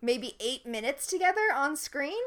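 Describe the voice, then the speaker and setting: A woman from Florida co-hosting a casual TV recap podcast, amused and animated. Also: sits high, moderate pace. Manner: animated, amused, laughs often. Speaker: podcast co-host.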